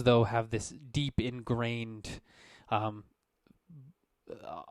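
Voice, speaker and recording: A man narrates as game master in a fairly low voice, loose and full of fillers. His voice sounds dry and close, with little room around it. He drops into quick character asides between the narration. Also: no echo.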